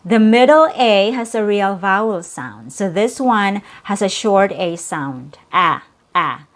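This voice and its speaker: Slow, patient woman teaching pronunciation. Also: mid-range voice, lively intonation. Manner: patient, repeats sounds and words for practice. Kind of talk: slow, clear pronunciation lesson.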